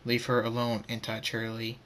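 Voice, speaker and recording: A man voicing a calm, protective male pony king who speaks quietly and steadily. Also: medium pitch, a little fast, a little hiss or hum, natural voice.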